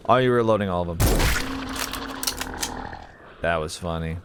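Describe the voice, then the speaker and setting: A man playing a horror game and rambling through a story in casual let's-play commentary, with quick exclamations. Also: deep voice, very noisy. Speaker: gaming YouTuber.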